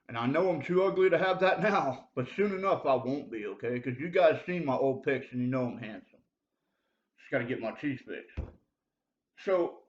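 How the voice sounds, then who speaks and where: A man giving a rambling confessional monologue to camera, full of fillers and urgent appeals to the listener. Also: mid-range voice. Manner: rambling, heavy fillers like dude and bro. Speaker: self-made video preacher. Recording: roomy, dull lo-fi sound.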